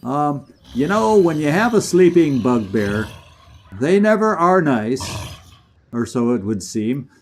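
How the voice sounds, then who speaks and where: A man streaming a video game, chatting and commentating as he plays, getting excited and laughing often. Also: on the high side, takes it slowly. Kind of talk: live gameplay commentary.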